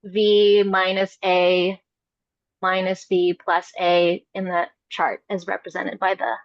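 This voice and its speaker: A woman leads a Sanskrit group on a video call, talking slowly and hesitantly with many fillers. Her audio is dull and very dry. Her pitch is in the middle range. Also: level tone, no room sound. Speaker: Sanskrit study group leader. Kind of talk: explaining a chart on a video call.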